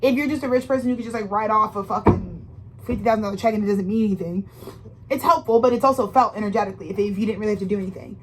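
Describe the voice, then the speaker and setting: A woman's voice: medium pitch, racing, noisy background. A woman giving a casual tarot reading, talking straight to the listener in a rambling, emphatic and profane way, full of slang and restarts. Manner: slangy, intimate direct address to the listener. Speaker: tarot reader.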